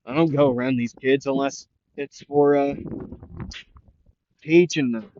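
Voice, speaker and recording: A man's voice: medium pitch, steady tone, unhurried, a little mellow, dull audio, slight background noise, lightly acted. A man voicing a tired, grumpy male teacher who speaks in a dismissive way. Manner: dismissive, weary.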